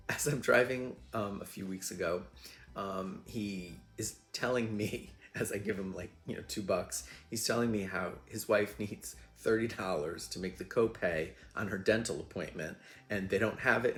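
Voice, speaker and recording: A man hosts his own show, speaking at normal speed in a low, fairly bright voice. His casual monologue is full of rambling, self-deprecating stories told chattily with plenty of fillers.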